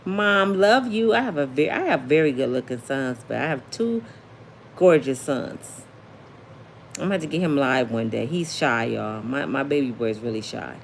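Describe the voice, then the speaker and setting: A woman's voice: a bass voice, expressive, moderate pace, vocal fry, slight background noise. Sassy chatty woman hosting a livestream. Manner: chatty, sassy, reads viewer comments aloud. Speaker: celebrity gossip livestream host. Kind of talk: casual livestream chat.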